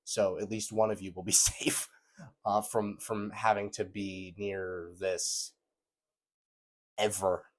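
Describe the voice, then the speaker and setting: A young man hosting a casual commentary video, sarcastic and animated as he reacts to messages and mocks them. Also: on the low side, takes it slowly, pauses often.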